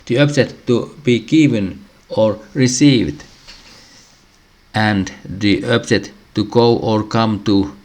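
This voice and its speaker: Slow, deep-voiced man reading a lesson. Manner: halting, frequent throat clearing. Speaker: language teacher.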